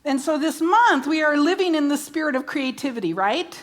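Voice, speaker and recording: High-voiced woman minister preaching. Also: animated, moderate pace. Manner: emphatic, repeats key words, asks rhetorical questions. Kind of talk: sermon.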